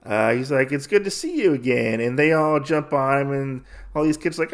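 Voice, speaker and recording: Male podcast host, middle pitch, loose filler-heavy storytelling, dips into quick character voices. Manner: rambling, filler-heavy retelling. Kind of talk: casual comic recap.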